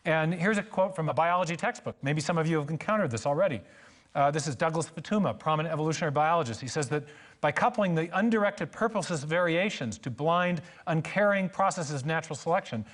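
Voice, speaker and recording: A man's voice: a little high, a little fast, fairly bright tone. A man giving a church lecture on science and faith, telling stories with emphatic repetition and joking asides.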